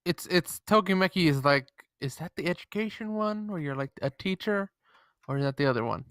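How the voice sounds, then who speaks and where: A bright, forward voice on a podcast, asking the others questions and tossing in short replies. The sound is dry and close. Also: mid-range voice, animated, no echo. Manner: asks questions, quick back-channel replies. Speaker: podcast co-host. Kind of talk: casual chat.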